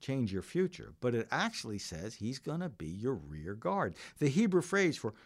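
A man's voice: mid-range voice, big pitch swings, normal speed, dry recording, clean studio sound. A middle-aged man preaching a sermon as pastor, earnest and full of stories. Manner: earnest, storytelling preacher who varies his delivery.

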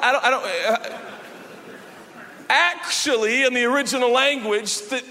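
Animated high-voiced preacher in a big hall. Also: male voice. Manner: animated, swings from shouting to quiet, playful asides. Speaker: pastor. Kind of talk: sermon. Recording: long hall reverb, faint background noise.

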